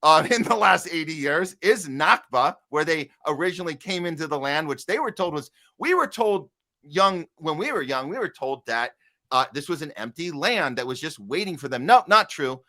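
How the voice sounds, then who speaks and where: Bright-voiced man hosting a podcast. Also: fairly high pitch, expressive, moderate pace. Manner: rambling, filler-heavy, reads out headlines. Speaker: podcast host. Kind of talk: casual political commentary.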